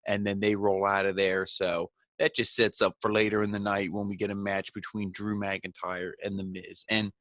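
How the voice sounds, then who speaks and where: A man hosting a podcast, giving a relaxed, rambling, conversational recap of a wrestling show. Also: on the low side, moderate pace, hardly any pauses, dry recording, clean studio sound. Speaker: podcast host.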